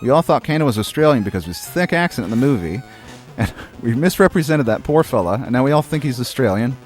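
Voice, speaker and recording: A man in his thirties from Maine hosts a playthrough of a retro game, rambling through casual commentary that's profane and wry. His medium-pitched voice is animated and fast, with faint music behind it.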